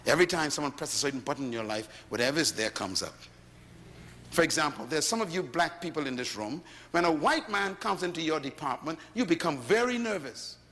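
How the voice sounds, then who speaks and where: Brief: Bahamian man preaching, lively swooping delivery, bright voice, big echoing hall. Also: on the high side, brisk. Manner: animated storytelling, rising to shouts. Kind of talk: sermon. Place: large hall before a congregation.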